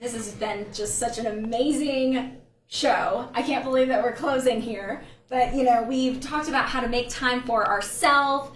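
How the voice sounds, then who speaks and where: A woman's voice: fairly high pitch, unhurried, recorded from a distance. A woman hosting a live chat show, upbeat as she moves the talk along. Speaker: host. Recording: roomy, off-mic with faint noise.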